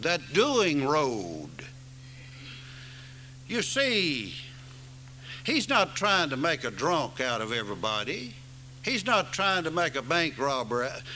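Male preacher, sermon, emphatic swooping delivery, high pitch, faint hum behind. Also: sharp tone, poor audio.

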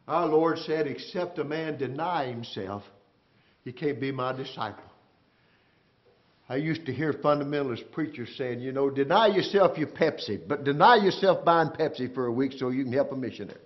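A man preaching a sermon, swinging from loud, drawn-out cries down to hushed, quiet lines as he speaks to his congregation. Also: medium pitch, muffled recording. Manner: swings from shouting to near-whisper, calls out to the congregation.

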